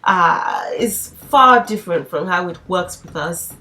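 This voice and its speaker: A woman's voice: lowish voice, animated, measured pace, pushed and bright, soft background music. A young woman teaching a casual spoken lesson, chatty and laughing often, with playful mock pleas. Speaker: language teacher.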